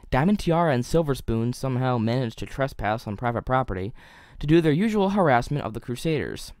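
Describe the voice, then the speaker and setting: A man's voice: mid-range voice, a little mellow, dry recording. A young man reads a scripted video review in a middle-range voice, analytical and dotted with wry asides. The recording is dry and close, with no room sound.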